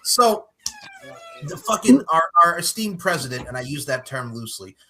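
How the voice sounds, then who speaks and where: A man hosting a casual podcast, talking with a bright, pushy edge. He swears freely and builds into loud rants. His voice sits fairly high for a man. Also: normal speed. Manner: animated, swearing, rants loudly. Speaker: podcast host. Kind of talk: casual chat.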